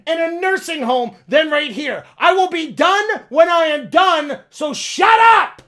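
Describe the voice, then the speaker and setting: A man voicing a brash, foul-mouthed male mobster type who talks in blustering threats and shouts. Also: very high-pitched, animated, extremely slow, voice pushed up, exaggerated voice.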